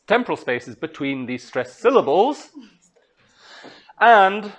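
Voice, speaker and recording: A man from Scotland, a translator giving a master class, lecturing in a relaxed way, thinking aloud with fillers and small laughs. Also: a little high.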